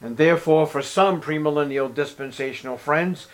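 Male pastor, sermon delivery, emphatic, fairly high-pitched. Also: normal speed. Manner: emphatic preaching that swings between loud and hushed; reads scripture aloud.

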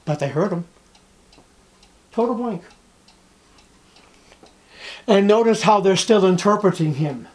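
A male preacher delivers a sermon in a fairly high voice. He is emphatic and repetitive, leaning on rhetorical questions to drive points home. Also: animated, slow, pauses often, a little mellow.

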